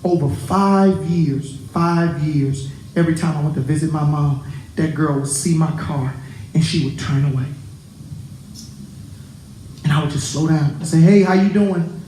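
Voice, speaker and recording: A pastor preaching a sermon to his congregation, animated and joking with them. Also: fairly high pitch, measured pace, long pauses, echoey room, a little hiss or hum, rough recording. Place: church.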